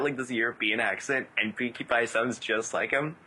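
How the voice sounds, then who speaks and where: A man's voice: medium pitch, fairly even intonation, a little fast, few pauses, bright, forceful tone. A man co-hosting a casual podcast over a Skype call, teasing the others with jokey, dry retorts. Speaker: podcast co-host.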